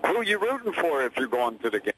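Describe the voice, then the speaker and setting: A man's voice: a little high, big pitch swings, quick pace, fairly bright tone, slightly rough, low-quality recording. A man from Baltimore calling in to a talk radio show, chatty and friendly. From Baltimore, USA. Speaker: caller.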